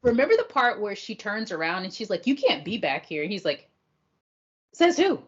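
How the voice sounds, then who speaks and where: Blunt slangy woman co-host, husky. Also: medium pitch, sing-song, a little fast, muffled recording. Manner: blunt, slangy, playful recaps. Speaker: podcast co-host. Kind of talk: casual review chat.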